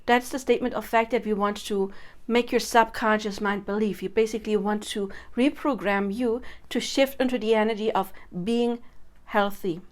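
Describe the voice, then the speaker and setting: A woman's voice: a little high, fairly even intonation, normal speed. A young woman coaching viewers on affirmations in a chatty, casual way, laughing often. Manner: chatty, laughs often, demonstrates chants and loud incantations. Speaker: manifestation coach. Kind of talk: casual teaching to camera.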